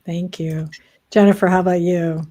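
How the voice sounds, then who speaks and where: A woman hosting a panel talk show, calling on guests and giving soft affirmations. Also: on the low side, steady tone, normal speed. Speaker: host.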